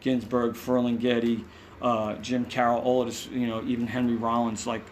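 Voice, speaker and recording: A man's voice: medium pitch, flat delivery, moderate pace, a little hiss or hum. A man with a New York accent tells rambling backstage stories in a casual interview, acting out quotes and swearing now and then. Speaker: musician guest. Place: hotel room.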